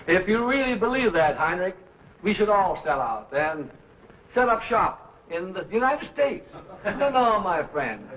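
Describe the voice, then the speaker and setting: A man's voice: high voice, sing-song, a little slow. An actor playing a flippant, scoffing businessman in 1940s film acting on dull lo-fi old film sound.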